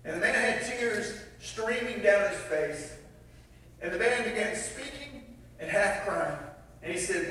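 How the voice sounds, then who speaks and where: A man's voice: high-pitched, animated, measured pace, sharp tone, slight background noise. A man preaching a sermon, telling a story with acted-out voices and laughing at himself. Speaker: pastor. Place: large church sanctuary. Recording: echoey hall from far off.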